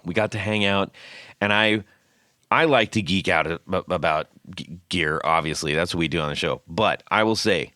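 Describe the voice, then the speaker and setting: A podcast host with a low, deep voice who recounts anecdotes with lively energy and plenty of laughter. The recording is close and dry, with no room sound. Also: male voice, moderate pace, no room sound. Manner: animated, laughing storyteller. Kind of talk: casual podcast chat.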